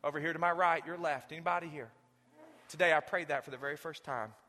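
Pastor, male, earnest sermon with altar call; bright forceful tone, big church reverb, faint music under. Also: a little high, fast talker. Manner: earnest, building to fervent appeals, drops to hushed whispers. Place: large church sanctuary with balcony.

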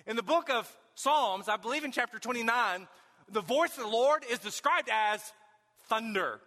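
High, bright-voiced preacher in a reverberant hall. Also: male voice, lively intonation, moderate pace. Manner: emphatic preaching, with folksy storytelling and sudden shouted questions. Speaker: pastor. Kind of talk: sermon.

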